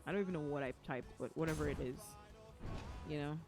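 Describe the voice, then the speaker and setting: A woman with a deep voice talks fast while streaming a video game live, game music behind her. Her chat is emotional, and she repeats pleading phrases as she plays.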